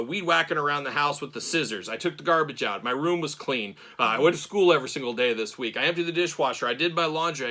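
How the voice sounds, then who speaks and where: A middle-aged man hosting a casual chat, talking quickly in a bright, forceful voice that sits a little high. He is animated and excitable and gets more worked up the longer he goes. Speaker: show host.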